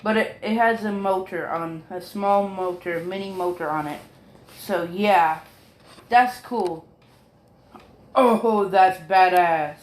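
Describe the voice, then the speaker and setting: A man talks through a fan-made story in loose, rambling fashion, peppering it with curses, ums and quick apologies. His delivery is slow and unhurried. The recording sounds roomy and echoey. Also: high-pitched. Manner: rambling, profane, full of fillers and apologies.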